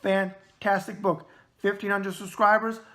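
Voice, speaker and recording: A man's voice: sits high, measured pace. Brash New York man hosting a show. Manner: brash, animated, repeats catchphrases, wisecracking. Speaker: show host. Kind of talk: casual video mailbag show.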